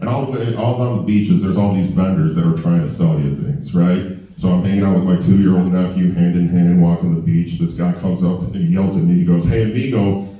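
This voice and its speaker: A man's voice: low-pitched, fairly even intonation, a little fast, very echoey, distant mic, dull audio. A man performing a stand-up comedy set at a comedy club, chatting and asking the crowd questions. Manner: conversational, asks the crowd questions.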